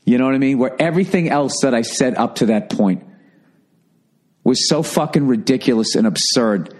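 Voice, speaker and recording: A stand-up comedian telling a profane anecdote, ranting indignantly with heavy swearing. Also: male voice, medium pitch, moderate pace, a little mellow.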